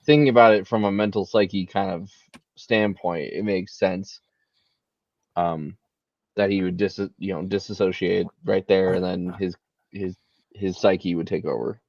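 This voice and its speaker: A deep-voiced man chatting casually about pop culture, his thoughts tumbling out with frequent restarts. The sound is dull and lo-fi, like a modest call microphone. It is close and dry, with no room sound. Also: steady tone, a little slow, darkish tone, no room sound. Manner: rambling, restarts a lot. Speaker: podcast co-host.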